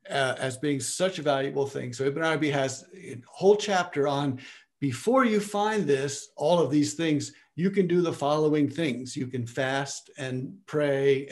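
A man's voice: on the high side, darkish tone. A man teaching in a lecture with questions from listeners, often restarting his phrases as he searches for words.

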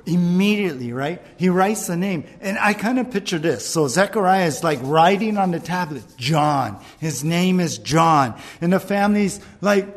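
Slightly high-voiced man preaching a sermon. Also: moderate pace, few pauses. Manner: animated storytelling with jokes and acted-out voices. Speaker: pastor.

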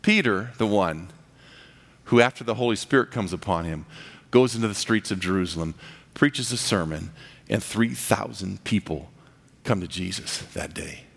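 In a reverberant hall, a pastor preaches a sermon in a creaky, husky voice at normal speed. His delivery is dynamic, swelling loud and high in big rising passages before dropping to near-whispers.

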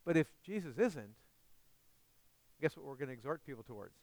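A man's voice: a little high, very animated, a little fast, darkish tone, no room sound. A man preaching a sermon as pastor, earnest and often asking his listeners questions.

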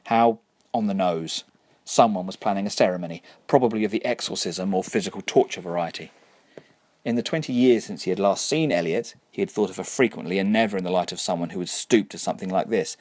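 A man narrating a story in a dry, wry, measured way. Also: deep voice, a little mellow, no echo. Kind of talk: scripted narration.

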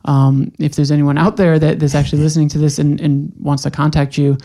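Gravelly-voiced podcast host. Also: male voice, fairly high pitch, level tone, brisk, warm tone. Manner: eager, affirming interviewer with frequent "okay" and "wow". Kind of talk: conversational interview.

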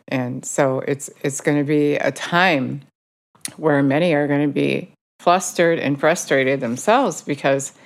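A woman with a notably low voice gives an informal sermon. She talks in a conversational way, stopping to correct herself mid-verse. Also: creaky. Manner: conversational, self-correcting while quoting scripture. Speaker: Bible teacher.

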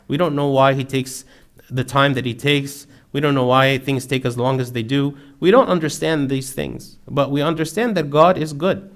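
A man preaching a sermon in an earnest, steady way, building emphasis through repetition. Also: medium pitch, moderate pace.

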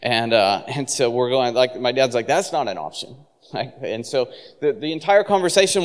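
A man's voice: medium pitch, fairly quick, clean tone. A man preaching a sermon, telling a personal story with laughs and acted-out quotes. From San Francisco. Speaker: pastor. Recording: long reverb of a large hall.

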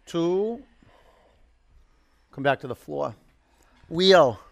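A man's voice: a little high, expressive, very slow, vocal fry, dry recording. A man leading a live yoga class, calling poses, counting down holds and encouraging students. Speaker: yoga instructor.

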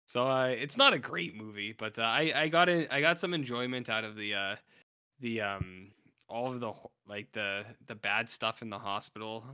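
A man's voice: mid-range voice, moderate pace, sharp tone, clear, resonant tone. A man casually chatting on a podcast, rambling and acting out scenes in funny voices. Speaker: podcast co-host. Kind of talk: casual chat.

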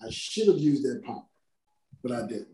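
A male actor chats as a podcast guest, spinning an anecdote with lots of cursing and little voiced-out quotes. His pitch sits in the middle for a man, and the room around him rings with noticeable echo. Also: normal speed, a crowd in the background. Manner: profane, animated storyteller acting out quotes. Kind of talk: casual storytelling interview. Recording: roomy echo.

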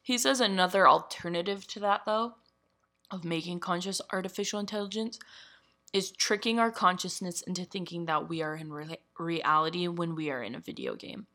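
A woman's voice: on the low side, normal speed, sharp tone. A young woman co-hosting a casual chat, giggly and teasing, now and then dropping into a whisper. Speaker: podcast co-host presenting a topic.

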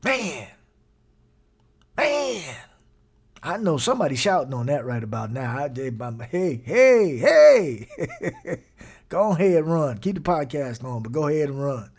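A man's voice: mid-range voice, lively intonation, a little fast, darkish tone. A man preaching a podcast sermon while seated, emphatic and repeating his phrases, chuckling often. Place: seated indoors.

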